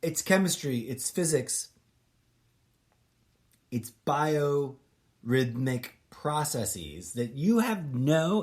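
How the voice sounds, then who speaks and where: A man hosting his own podcast, thinking aloud in a casual, rambling monologue that is full of restarts and loose asides. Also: mid-range voice. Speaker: podcast host.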